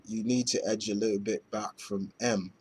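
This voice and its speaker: A man's voice: fairly low pitch, little pitch movement, moderate pace, darkish tone, breathy edge, pitched below the performer's own voice. A man doing a stern British woman agent. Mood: commanding. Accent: put-on British.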